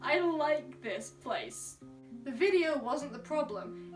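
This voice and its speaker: A woman's voice: sits high, lively intonation, a little slow, a bit bright, distant mic. A young woman from Scotland reading comments aloud in a casual vlog, answering each with sassy, playful retorts. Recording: from the mic, music behind. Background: background music.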